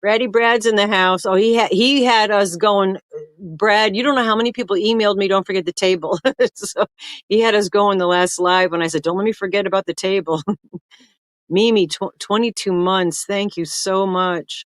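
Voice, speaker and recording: A woman's voice: medium pitch, steady tone, normal speed, no echo, clean studio sound. Chatty older woman hosting a livestream. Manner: chatty, greets viewers by name, rambling. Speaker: livestream host. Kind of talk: casual livestream chat.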